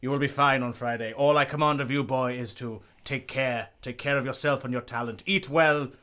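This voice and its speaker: A man's voice: medium pitch, steady tone, a little fast, pushed and bright, close to an everyday voice. A man voicing a flamboyant, demanding male ballet master in a tabletop game, giving theatrical, bossy commands. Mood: grand.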